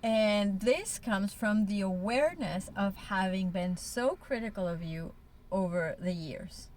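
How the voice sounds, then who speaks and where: A woman's voice: medium pitch, unhurried, darkish tone, a little hiss or hum. A woman in a candid couple conversation, talking frankly and emotionally, with blunt swearing. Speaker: co-host.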